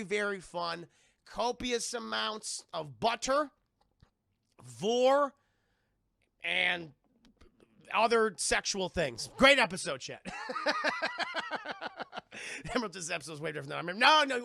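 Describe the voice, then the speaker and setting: A young man casually recapping a cartoon on a live stream, rambling excitedly and chatting to viewers. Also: sits high, creaky, no room sound, studio quality.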